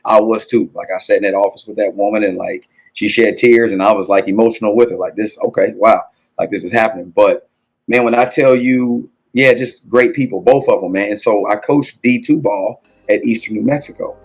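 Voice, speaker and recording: A man in his thirties, an assistant basketball coach, telling stories casually and acting out quotes with big jumps in pitch. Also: steady tone, brisk. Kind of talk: casual storytelling interview.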